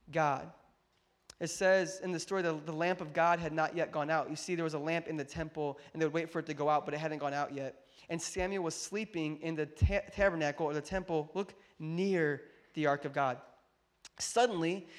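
A man preaching a sermon as pastor, animated and joking, swinging between loud bursts and hushed asides. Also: fairly high pitch, moderate pace. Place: church hall with congregation.

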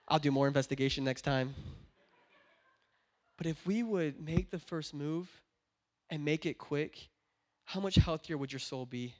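A young adult man preaching a sermon in church, talking in an earnest way and at times rising into passionate shouting. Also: on the high side, unhurried, pauses often. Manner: builds from quiet earnest talk to passionate shouting. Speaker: pastor.

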